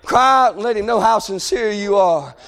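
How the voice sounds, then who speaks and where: High-voiced fervent preacher man. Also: moderate pace, crowd noise. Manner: fervent, swings from shouting to hushed. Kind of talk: sermon.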